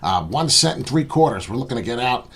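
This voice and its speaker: A man hosting a crypto trading channel, giving casual chart commentary in a boastful, rambling, animated way. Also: mid-range voice, brisk, slightly rough.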